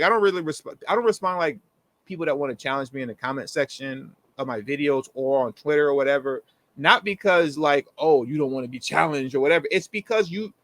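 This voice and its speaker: A man co-hosting a casual commentary chat, animated and slangy, acting out the people he quotes. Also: fairly high pitch, dry recording. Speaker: co-host.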